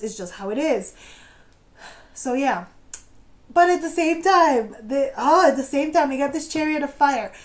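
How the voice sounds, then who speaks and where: Chatty tarot-reading woman, slightly high voice. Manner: chatty, animated, acts out quoted feelings; often laughs and trails off mid-sentence. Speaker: tarot reader. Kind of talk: intuitive tarot reading to camera.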